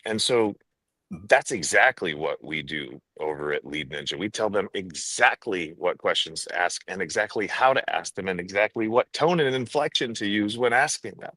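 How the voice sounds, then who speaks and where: A man's voice: low voice, expressive, normal speed, sharp tone, no room sound. A man speaking as a sales trainer guest on a podcast, emphatic and demonstrative, driving his points home with stress. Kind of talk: animated podcast talk.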